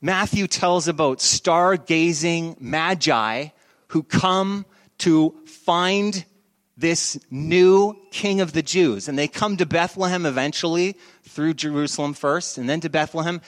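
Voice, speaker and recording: A male pastor giving a sermon, telling a story in a lively, animated way with shifts in volume and pace. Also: on the high side, takes it slowly.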